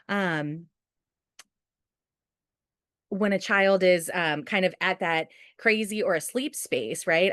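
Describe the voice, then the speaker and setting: Low-voiced woman giving a chatty training talk. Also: fairly bright tone, no echo, studio quality. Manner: chatty, often asks "right?" and acts out quotes. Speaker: school outreach trainer. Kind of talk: conversational webinar training talk.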